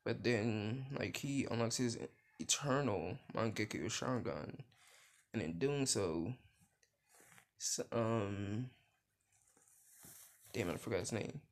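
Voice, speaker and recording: A man's voice: lowish voice, animated, slow pace, long pauses. A man casually retelling a fan story he made up, rambling, losing his thread and swearing now and then.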